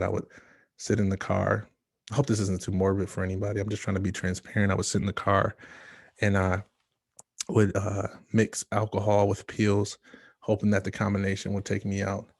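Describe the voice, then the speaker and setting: A man from Michigan giving a motivational speech, telling his own story with dramatic pauses and hushed asides. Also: deep voice, dry recording, clean studio sound. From Michigan, USA. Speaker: motivational speaker.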